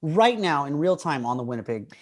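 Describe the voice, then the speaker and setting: A man's voice: fairly high pitch, very animated, brisk. A man co-hosting a podcast in casual chat, rambling and self-deprecating with easy laughs. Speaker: podcast co-host. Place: studio room.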